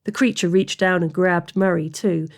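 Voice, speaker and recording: A woman reading a fantasy story aloud as narrator, steady and expressive. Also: on the low side, normal speed, gravelly. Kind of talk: audiobook fiction reading.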